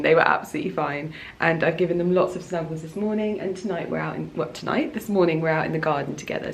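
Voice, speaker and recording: A woman's voice: sits low, vocal fry. A woman in her thirties from England, chatting casually and gushingly to camera while vlogging outdoors in her home garden. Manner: chatty, gushing, restarts and trails off. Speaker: lifestyle vlogger. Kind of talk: casual vlog chat.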